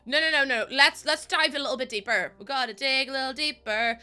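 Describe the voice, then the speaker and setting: A woman's voice: high-pitched, a little fast, bright, forceful tone, clean tone, faint music behind. A young woman streamer chatting bubbly with her viewers while building in a game, laughing often.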